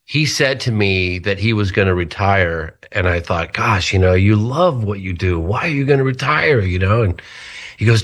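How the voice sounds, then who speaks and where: A man, a guest in an interview, telling anecdotes in a lively way and acting out the people he quotes. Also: normal speed. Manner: animated retelling, acts out quoted voices higher. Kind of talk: anecdotal storytelling.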